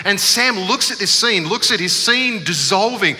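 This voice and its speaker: Bright-voiced pastor in a hall. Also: male voice, high voice, normal speed, hardly any pauses. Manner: humorous storytelling, animated. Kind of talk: sermon. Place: church.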